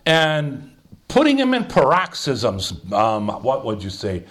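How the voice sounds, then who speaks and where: A man's voice: mid-range voice, wildly swooping pitch, slow, a bit bright. An older man leading an informal Bible study, thinking aloud with many fillers and restarts as he explains a passage. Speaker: Bible teacher.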